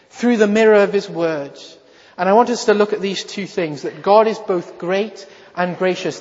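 High-voiced preacher in a reverberant hall. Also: male voice. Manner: emphatic, rhetorical questions, swings from loud to hushed. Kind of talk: sermon. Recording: dull lo-fi sound with long reverb in a large hall.

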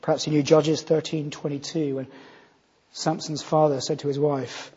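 Earnest preacher in an echoing hall. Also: male voice, on the high side, level tone, fairly quick, mellow, husky. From Scotland. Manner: earnest, building to emphatic scripture readings. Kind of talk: sermon. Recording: muffled, long hall reverb.

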